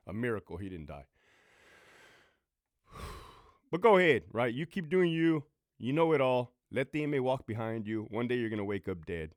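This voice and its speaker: A man's voice: mid-range voice, dry recording, clean studio sound. A middle-aged man, a former prison sergeant and military veteran, giving blunt, profane advice in a storytelling monologue. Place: home.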